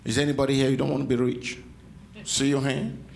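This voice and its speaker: A man's voice: medium pitch, flat delivery, fairly quick, gravelly. A man preaching a sermon in a church, calling out to the congregation and teasing them with playful asides. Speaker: pastor.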